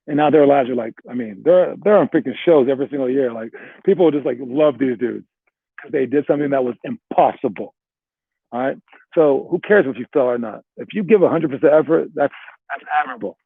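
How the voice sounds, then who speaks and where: A man's voice: mid-range voice, fairly quick, husky, dry recording. A man coaching basketball players, giving a rambling motivational talk full of "all right" and "like" before walking them through a drill. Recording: dry, tinny phone-like sound.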